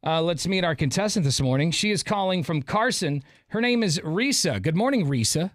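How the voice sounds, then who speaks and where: A man's voice: fairly high pitch, animated, moderate pace, no echo. A man hosting a morning radio show, running a call-in game with teasing, blunt banter into a studio mic. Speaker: radio host. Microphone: studio microphone.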